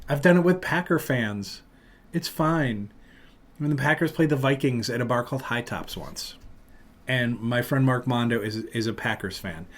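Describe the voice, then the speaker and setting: A man hosting a podcast, telling a long story in casual chat and loudly acting out what people said. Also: medium pitch, normal speed. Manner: animated, acts out loud quotes of other people. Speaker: podcast host.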